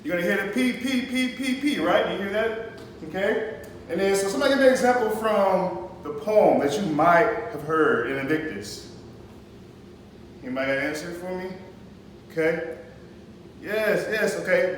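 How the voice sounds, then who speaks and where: A man's voice: high-pitched, moderate pace. A man teaching a poetry lesson to a class, explaining patiently and checking in with "okay?" after each point. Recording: echoey classroom, mic far off, faint noise.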